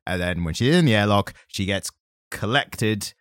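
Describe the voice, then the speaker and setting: Man, podcast co-host, low voice, dry sound, lively retelling. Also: normal speed, dry recording. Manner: animated, acts out quotes from the comics. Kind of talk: casual chat about comics.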